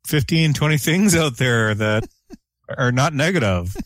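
Slow, wry joking co-host, man. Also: medium pitch, animated, no room sound, clean studio sound. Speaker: podcast co-host. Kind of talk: casual live show chat.

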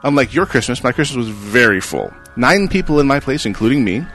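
A man co-hosts a relaxed gaming podcast, reading listener mail with an animated, swinging delivery. He drops playful jokes as he goes. Light music sits faintly in the background. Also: medium pitch, a little fast. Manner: playful, jokey asides. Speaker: podcast co-host. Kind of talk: casual chat, reading listener emails.

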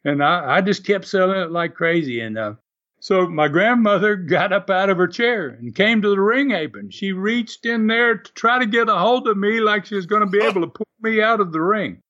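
Older man telling lively stories. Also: sits high, moderate pace, lo-fi sound. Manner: animated storyteller, laughs often. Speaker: former wrestler, guest. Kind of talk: storytelling interview.

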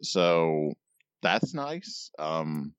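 A man with a very low voice, co-hosting a laid-back comics podcast. He talks in dry, halting bursts full of restarts. His mic sounds dull and muffled, in a dry room. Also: sing-song, a bit bright, clean tone, dry recording. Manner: hesitant, dry, many restarts. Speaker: podcast co-host. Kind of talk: casual comics podcast banter.

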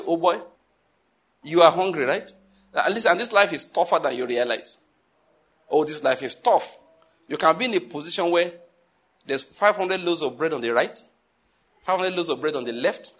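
A man preaching a sermon, emphatic and repetitive, firing rhetorical questions and swinging between quiet and forceful delivery. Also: fairly high pitch. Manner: emphatic, repeats key phrases, asks the audience rhetorical questions; wide swings in loudness between calm and forceful.

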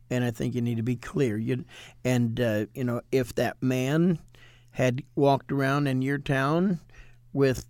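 A man who is a minister, talking in an animated, preachy way in a casual ministry discussion and quoting scripture with emphasis. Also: mid-range voice, smooth, dry recording, clean studio sound.

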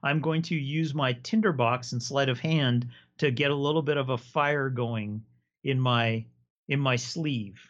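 A man's voice: mid-range voice, measured pace, lo-fi sound. A man hosting a casual chat, telling stories enthusiastically and explaining at length. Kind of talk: casual chat about tabletop games.

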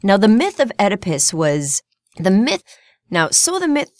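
A woman's voice: medium pitch, big pitch swings, a little slow, no echo, clean studio sound. A woman co-hosting a podcast in loose, joking chat, swearing and laughing while she eats and drinks wine. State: eating chips and drinking wine. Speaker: podcast co-host. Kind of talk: casual chat, bloopers.

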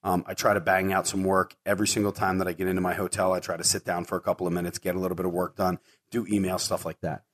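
Speaking fast in a low, slightly bright voice with a flat delivery, a middle-aged podcast host tells stories casually. His monologue rambles and is packed with fillers and repeated words.

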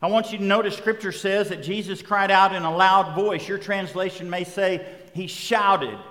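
A man preaching a sermon, building emphatic repeated refrains that rise toward loud peaks. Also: high-pitched, fairly even intonation, normal speed, long reverb tail. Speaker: pastor.

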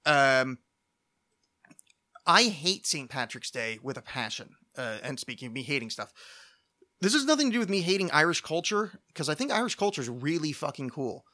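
Bright-voiced man ranting, stammering. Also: a little high, sing-song, moderate pace. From United States. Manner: profane, ranting, stammering restarts, mocking put-on voices. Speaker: podcast host. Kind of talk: solo casual rant.

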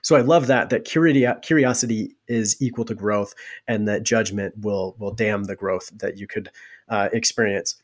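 A man's voice: fairly low pitch, fairly even intonation, normal speed. A man hosting a podcast interview, speaking in a thoughtful, reflective way as he builds on his guest's points. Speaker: podcast host.

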